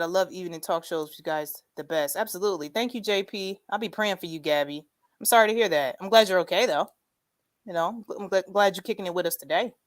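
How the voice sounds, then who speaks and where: A woman hosting a casual livestream chat, reading viewer comments aloud, animated and quick to laugh, saying "y'all". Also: medium pitch. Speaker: livestream host.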